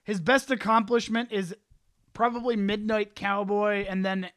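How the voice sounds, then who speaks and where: A man's voice: sits high, level tone, a little slow, a bit bright, dry recording, clean studio sound. A man co-hosting a podcast in casual chat, sarcastic and full of wisecracks. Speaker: podcast co-host.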